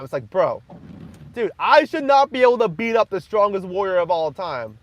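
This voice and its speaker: A young man hosting a casual livestream, joking crudely and half-yelling to be heard over loud background noise. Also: high voice, lively intonation, normal speed, lo-fi sound. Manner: crude joking, frequent laughter. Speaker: livestream host. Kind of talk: casual livestream chat with viewers.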